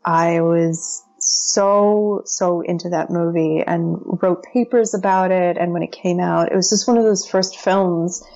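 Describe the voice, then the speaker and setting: A woman's voice: on the low side, steady tone, unhurried, hardly any pauses, mellow, dull audio. A woman guest talking in an enthusiastic, chatty way on a podcast, with plenty of fillers. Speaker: interview guest, brand strategist. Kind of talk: casual podcast conversation.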